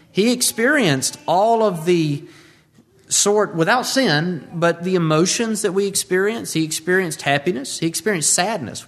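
Earnest preaching man, slightly high voice. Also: fairly bright tone. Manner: earnest preaching, stretches key words slowly. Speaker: pastor. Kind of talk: sermon.

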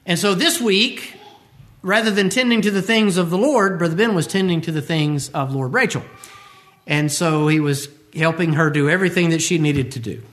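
A man's voice: on the high side, moderate pace, fairly bright tone. A tired male preacher giving a sermon, who acts out the scripture quotes he tells.

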